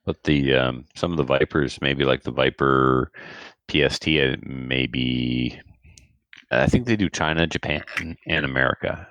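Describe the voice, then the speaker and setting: A man's voice: rumbling low, a little slow, smooth, no echo, lo-fi sound. A man co-hosting a podcast, casually reading out a list of firearm deals and prices. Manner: relaxed, rattles off prices and specs. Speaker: podcast co-host.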